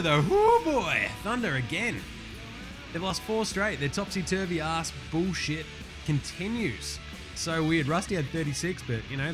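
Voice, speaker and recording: A man runs through a sports recap in a casual, wisecracking way. He swears freely and stays brash throughout. His voice sits a little on the high side. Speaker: podcast host.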